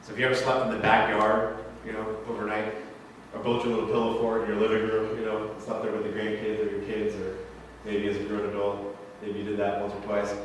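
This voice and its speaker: A man's voice: fairly low pitch, monotone, a little fast, a little hiss or hum. A male pastor preaching a sermon in a casual, joking, conversational way, often asking the congregation questions. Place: church sanctuary. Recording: echoey church hall from far off.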